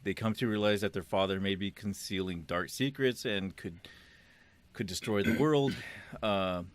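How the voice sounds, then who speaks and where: A man's voice: lowish voice, normal speed. A middle-aged man co-hosting a podcast, chatting casually, rambling and laughing often with easy swearing. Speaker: podcast co-host. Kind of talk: casual chat.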